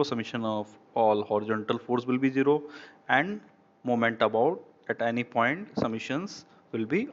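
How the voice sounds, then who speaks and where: Halting Indian-accented man lecturing, lo-fi. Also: medium pitch. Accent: Indian English. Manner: halting, repeats phrases, frequent "okay". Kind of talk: online engineering lecture. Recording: dull lo-fi recording.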